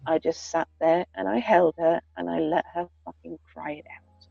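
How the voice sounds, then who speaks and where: A woman talks frankly and earnestly in casual chat, dropping swear words without a second thought. Her voice has a gravelly edge. The recording is dry and a little dull. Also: fairly low pitch, steady tone, normal speed, no room sound. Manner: candid, earnest, swears freely. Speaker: podcast co-host, parent.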